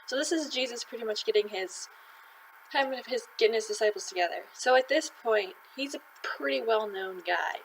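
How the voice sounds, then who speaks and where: A woman's voice: a little high, normal speed, creaky, slight background noise, poor audio. A woman hosting and retelling a gospel reading in a chatty, slangy storytelling way. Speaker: host.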